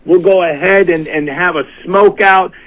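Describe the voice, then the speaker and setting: A man's voice: high-pitched, fairly even intonation, moderate pace, muffled recording. A man calling in to a radio show, chatting in a jokey, enthusiastic way. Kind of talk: casual radio chat.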